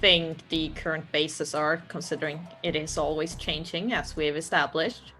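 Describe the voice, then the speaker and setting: A woman playing a tabletop role-playing game, speaking slowly and deliberately, partly in character. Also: low-pitched, steady tone, sharp tone, faint music behind. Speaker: player.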